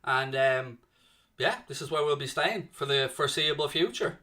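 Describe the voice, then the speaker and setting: A man hosting a live football watchalong, talking casually to his viewers. His voice sits a little high and sounds bright and forceful. He is animated and reads chat comments aloud as he goes. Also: normal speed.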